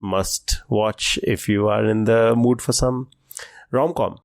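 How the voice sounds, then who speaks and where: A man's voice: lowish voice, fairly even intonation, slow pace, vocal fry, no echo. A man co-hosting a quiz podcast, chatting casually and enthusiastically, thinking aloud as he guesses. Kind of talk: casual chat.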